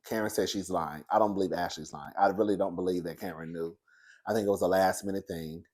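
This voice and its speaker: A man's voice: deep voice, fairly even intonation, quick pace, darkish tone. Sassy, chatty man reviewing reality TV. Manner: sassy, chatty, laughs often, calls viewers "girl" and "baby". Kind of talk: casual commentary.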